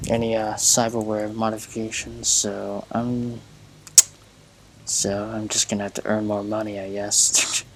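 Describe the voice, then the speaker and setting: Gravelly low-voiced man reading game text. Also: flat delivery, a little slow, slight background noise, poor audio. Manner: casual, stumbles and restarts while reading. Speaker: gamer.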